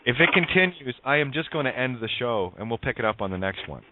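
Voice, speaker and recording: A man's voice: medium pitch, animated, fast, crowd noise. A male radio show host talking casually on a call-in show, rambling with many fillers and turning blunt and profane when annoyed. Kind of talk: call-in talk show chat. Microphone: headphones and studio mic. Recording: tinny phone-like line with faint hiss.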